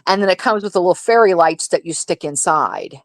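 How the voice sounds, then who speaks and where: A woman's voice: fairly low pitch, fairly quick, dry recording. A woman co-hosting a casual livestream chat, telling home stories and acting out the people in them. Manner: animated storytelling, acts out quoted voices. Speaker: livestream co-host.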